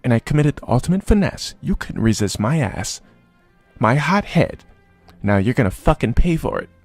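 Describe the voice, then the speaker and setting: Casting: man doing a gloating male blackmailer, slow taunts, scheming. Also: on the high side, lively intonation, bright, forceful tone, faint music behind, heavily acted. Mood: furious. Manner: slow, taunting, with mocking laughs.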